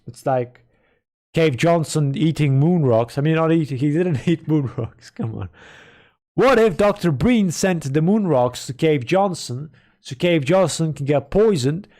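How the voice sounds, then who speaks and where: Rambling male streamer, slightly high voice. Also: lively intonation, a little slow, a little mellow. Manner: rambling, self-correcting, speculative. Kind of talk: casual live-stream commentary.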